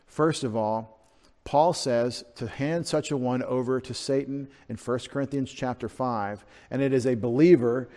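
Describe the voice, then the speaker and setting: In a church sanctuary, a male pastor works through the text of an expository sermon in an easy, conversational manner, now and then raising his voice sharply for emphasis. His mid-pitched, slightly mellow voice carries a long church reverb.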